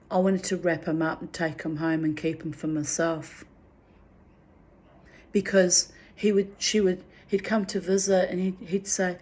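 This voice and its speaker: A woman's voice: lowish voice, flat delivery, unhurried, a little mellow. A middle-aged woman recounting personal memories in a candid, rambling way. She talks frankly, swears freely and restarts her sentences often. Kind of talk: candid spoken reflection.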